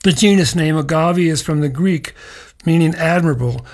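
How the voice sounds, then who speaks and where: A man's voice: on the high side, normal speed. A middle-aged man hosting a short radio nature segment, talking in a folksy, rambling way with chuckling asides. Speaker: radio show host. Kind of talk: casual spoken nature segment.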